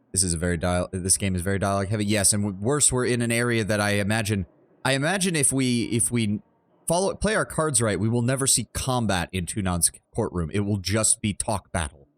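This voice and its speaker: A man with a deep, low voice chatting casually on a game livestream from home. He thinks out loud, teases himself and keeps restarting sentences as he goes. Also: animated, moderate pace, dry recording. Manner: self-deprecating, thinks aloud with restarts. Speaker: game streamer. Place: his apartment.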